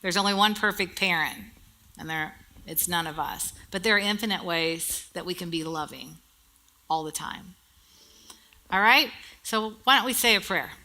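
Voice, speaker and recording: Bright-voiced woman preaching a sermon. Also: fairly low pitch, moderate pace. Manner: conversational preaching with rhetorical questions and humor.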